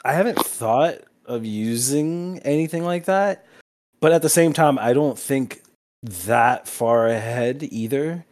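A man's voice: mid-range voice, lively intonation, slow pace, a little mellow. A man co-hosting a casual podcast, talking loosely with plenty of swearing and easy laughter. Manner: loose and profane, laughs easily. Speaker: podcast co-host.

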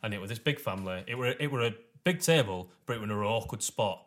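A man's voice: lowish voice, expressive, fast, a bit bright. A young man, chatting bluntly on a podcast and swearing freely. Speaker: podcast co-host. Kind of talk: casual chat.

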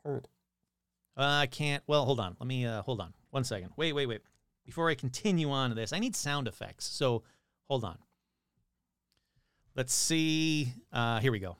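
Man, paranormal show host, wry and amused, lively pitch, dry close sound. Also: normal speed, long pauses, smooth, no echo. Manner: wry, self-interrupting, amused. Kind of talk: casual commentary and reading AI scripts.

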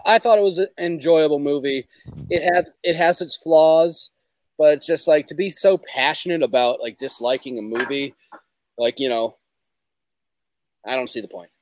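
A man's voice: a little high, normal speed, no room sound. Rambling guy saying "like" a lot. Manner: rambling, heavy use of "like". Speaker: podcast guest. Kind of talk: casual comedic chat.

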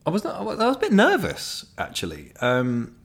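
A man's voice: high-pitched, huge pitch swings, fairly quick, gravelly, fairly bright tone. A young man talking casually and frankly, swearing often and rambling with restarts as he shares his thoughts. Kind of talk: casual monologue.

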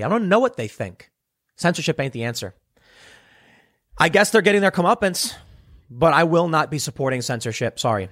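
A man's voice: on the high side, a bit bright, no room sound, clean studio sound. A man hosting his own commentary show, talking through analogies and acting out quoted voices. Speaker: political commentary host. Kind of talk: solo commentary monologue.

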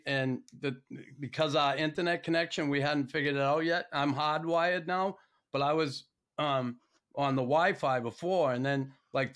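A man's voice: fairly high pitch, fairly bright tone. A man with a Boston accent hosting a podcast interview, asking questions in a laid-back, rambling way. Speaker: podcast host.

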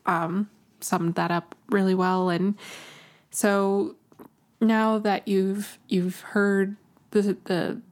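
A woman's voice: mid-range voice, little pitch movement, drawn-out words. A woman co-hosting a podcast, affirming her partner and moving the discussion on, with plenty of filler words. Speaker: podcast co-host. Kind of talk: casual discussion.

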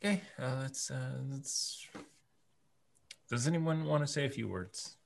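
A man's voice: medium pitch, a little slow, creaky. A man playing in a tabletop role-playing game, speaking hesitantly and trailing off. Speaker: player.

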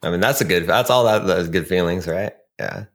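Low-voiced man tossing in jokes. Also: brisk. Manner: joking side remarks. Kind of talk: casual chat.

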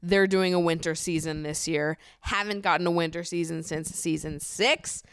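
Bubbly young woman hosting a chatty podcast; smooth, crisp voice, dry close sound. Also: fairly low pitch, fairly even intonation, moderate pace, a bit bright, no echo. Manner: bubbly, gushing, laughs often. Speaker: podcast host. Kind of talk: casual podcast chat.

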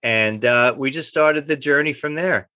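A middle-aged man, telling animated anecdotes in an interview and acting out the dialogue he quotes. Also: medium pitch, measured pace, no echo. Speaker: actor guest. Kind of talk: casual interview storytelling.

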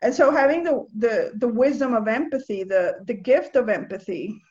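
An earnest woman from Nicaragua shares a personal testimony in a reflective, searching way, circling back and repeating words as she talks. Her voice sits a little high for a woman. The sound is dull and lo-fi. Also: normal speed, a little mellow. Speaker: speaker on faith and empathy. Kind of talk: personal testimony, casual talk.

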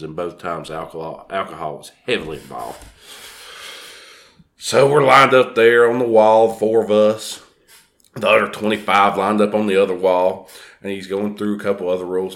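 A young man telling a story casually and with animation, chuckling as he goes. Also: fairly low pitch.

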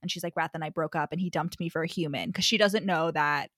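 A woman's voice: low voice, fast, no room sound, clean studio sound. A young woman co-hosting a podcast, retelling a novel in casual chat, full of "like" fillers and acted-out quotes. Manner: animated retelling with many "like" fillers. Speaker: podcast co-host. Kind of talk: casual book-club chat.

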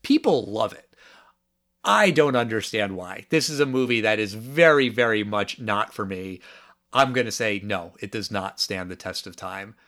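Animated man co-hosting a movie podcast. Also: lowish voice. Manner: animated, incredulous, quick asides. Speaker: podcast co-host. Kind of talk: casual movie review chat.

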